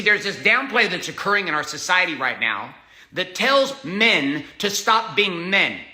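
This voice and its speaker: A man's voice: high voice, pushed and bright, reverberant. A man hosting a motivational monologue, intense and combative, swearing often and hammering short repeated phrases. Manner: punchy emphatic delivery with short repeated phrases. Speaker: host.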